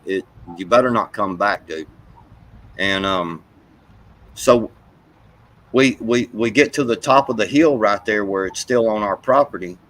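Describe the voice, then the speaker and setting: A man's voice: on the low side, fairly bright tone, rough recording. Profane rambling man telling a story. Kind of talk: casual chat.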